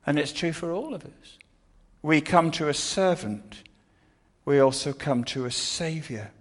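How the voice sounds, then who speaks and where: A man's voice: on the high side, measured pace. An older man preaching an earnest sermon, often restarting his words.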